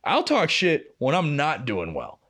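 A young man with a voice on the high side talks at a measured pace while co-hosting a podcast. His long, casual work story is full of swearing, and he animatedly acts out both sides of the arguments he quotes.

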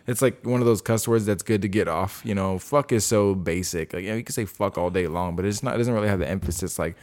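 A man's voice: sits low, fast talker, darkish tone. A man co-hosting a casual podcast, swearing freely and laughing while he tells stories. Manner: profane, laughing, acts out quotes. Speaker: podcast co-host. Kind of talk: casual chat.

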